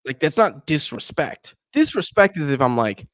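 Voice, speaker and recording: His voice is on the high side, at normal speed with few pauses, and there's no room sound. A young man hosting a football watch-along stream, he talks animatedly to chat, mixes casual conversation with match commentary, and mimics fans' complaints about him.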